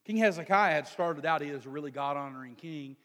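In a church sanctuary, a male pastor with a fairly high voice delivers a sermon, his words carried by a long hall reverb. He reads scripture and then explains it earnestly, slowing down and getting louder to stress a point.

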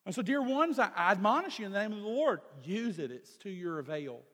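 A male pastor preaching in a church sanctuary, his fairly high voice carried by a long hall reverb. He reads scripture and then explains it earnestly. He slows down and grows louder when he stresses a point. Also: animated. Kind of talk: sermon with scripture reading.

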